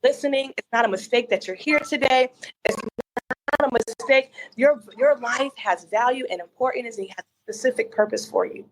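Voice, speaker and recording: A woman with a fairly high voice speaks as a podcast guest. She sounds earnest and encouraging as she gives a faith-centered testimony. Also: normal speed, a little hiss or hum. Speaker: podcast guest, lifestyle coach. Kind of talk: heartfelt testimony.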